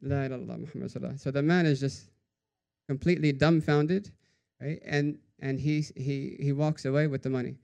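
A man giving a storytelling sermon in a conversational way, often adding "right?" and dropping to a hushed voice for quoted sayings. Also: mid-range voice, steady tone, quick pace, creaky, clear, resonant tone. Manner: conversational, says "right?" after nearly every phrase. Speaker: religious teacher.

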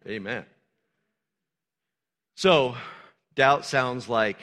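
An older man, a pastor, delivers his sermon like a conversation, peppering it with "Amen" calls and jokes about himself. His medium-pitched voice is animated and a bit bright, and he takes it slowly, pausing often. A large hall's long reverb is audible.

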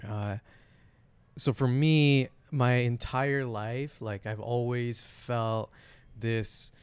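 A man's voice: medium pitch, steady tone, extremely slow, clear, resonant tone, dry recording. A man talking as a guest on a podcast, thoughtfully explaining his own outlook. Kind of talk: casual podcast chat.

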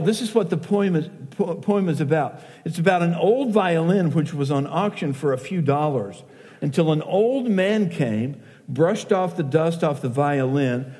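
A middle-aged male pastor preaches slowly and earnestly, his voice mellow and a touch high for a man. He reads verse with quiet feeling. His words ring out with the long reverb of a church hall. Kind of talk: sermon with poetry reading. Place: church sanctuary.

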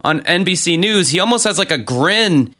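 A man co-hosting a casual chat, talking in a profane, animated rant. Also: sits high. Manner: profane, ranting, fast and animated. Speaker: podcast co-host.

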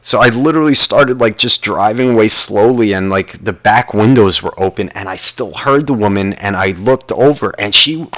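A man's voice: on the low side, moderate pace, hardly any pauses, fairly bright tone. Man, casual comedic rant, heavy swearing, rambling, talks to himself. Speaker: podcast host.

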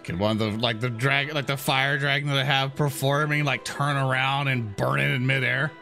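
A man's voice: mid-range voice, fairly even intonation, normal speed, vocal fry, bright, forceful tone, soft background music. A man, a player at a tabletop game, eagerly describing his character's actions.

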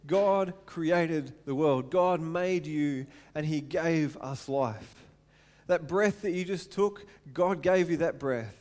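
A man in his thirties preaching a sermon to his church, animated and repeating words for emphasis. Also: on the high side, slow pace. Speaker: pastor. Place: church hall.

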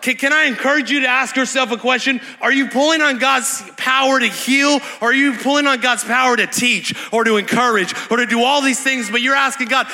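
A young man preaching an energetic Pentecostal sermon with call-and-response, fast and excited, repeating words and shouting to the crowd in a large church hall. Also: very high voice. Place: large church hall at a live worship night. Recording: long hall reverb from a live event.

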